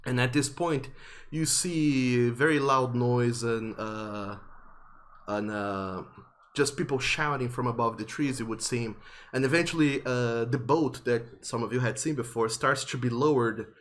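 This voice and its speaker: A man narrating a tabletop game as game master, unhurried and descriptive with frequent fillers. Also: medium pitch, fairly bright tone.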